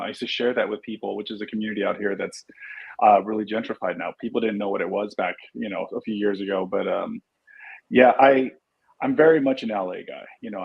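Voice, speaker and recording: A middle-aged man from Los Angeles, appearing as a guest actor and producer, tells stories in a casual interview and acts out the lines he quotes like an animated storyteller. His voice is lowish and slightly rough, and the sound is lo-fi.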